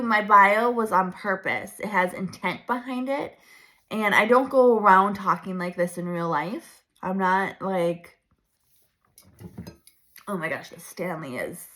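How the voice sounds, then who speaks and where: Bright-voiced woman in her 30s, chatty coaching to camera, animated and laughy. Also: mid-range voice. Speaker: branding coach. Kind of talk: casual coaching talk to camera.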